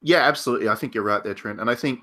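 A man's voice: mid-range voice, rapid-fire, bright, forceful tone. A man co-hosting a casual podcast panel discussion, talking in a thoughtful, rambling way with frequent restarts.

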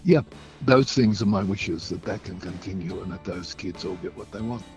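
A man from Australia telling anecdotes casually as a guest, animated and acting out the voices of people in his stories. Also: low-pitched, normal speed, faint music behind. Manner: animated storytelling, acts out voices. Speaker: guest storyteller.

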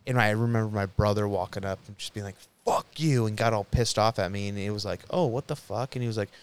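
A young man with a low, smooth, resonant voice tells a story in a loose, profane way. He rambles and restarts often as he talks at a podcast round table. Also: little pitch movement, rapid-fire. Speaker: podcast co-host. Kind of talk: casual round table chat.

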